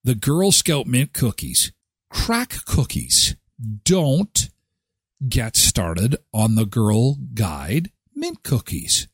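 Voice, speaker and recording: Reading viewer comments on his live show, a Canadian man in middle age jokes around with sarcastic asides in an animated, relaxed way. His medium-pitched voice is slow and husky, recorded cleanly in the studio with no room sound.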